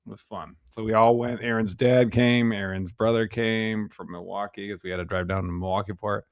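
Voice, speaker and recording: A man's voice: lowish voice, steady tone, fairly quick, no room sound, studio quality. A man co-hosting a podcast in easygoing casual chat, laughing often and swearing casually. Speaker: podcast co-host.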